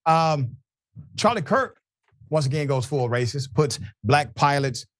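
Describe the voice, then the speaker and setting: A man's voice: a little high, animated, unhurried, a little hiss or hum. A man hosting a live show, reading viewer comments and giving pointed, conversational commentary. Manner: pointed, conversational, addresses people directly.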